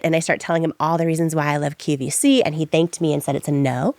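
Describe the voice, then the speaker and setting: A woman entrepreneur telling her story in an interview, animated and acting out things she once said. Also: low voice, fast talker, no room sound, clean studio sound. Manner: animated, acts out her own past lines. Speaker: entrepreneur guest.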